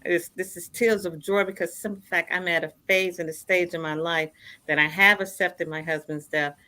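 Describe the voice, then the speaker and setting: Woman, fifties, bright forceful tone, lowish pitch, earnest storyteller who repeats herself for emphasis. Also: steady tone, moderate pace. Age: 50s. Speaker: guest. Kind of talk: personal storytelling in a radio interview.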